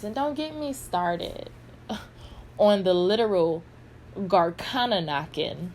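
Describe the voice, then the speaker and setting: A woman's voice: mid-range voice, expressive, slow pace, pauses often, a little mellow, a little hiss or hum. A woman giving blunt, sassy, heavily profane commentary in a vlog. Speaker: pop culture commentator.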